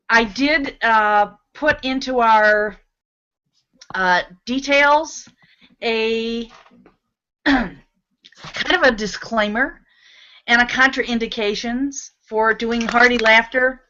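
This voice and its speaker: A woman's voice: fairly high pitch, slow, long pauses, sharp tone. A woman hosting a live talk show, upbeat and coaxing as she leads the audience in laughter exercises. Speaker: host leading laughter exercises. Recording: dull lo-fi audio.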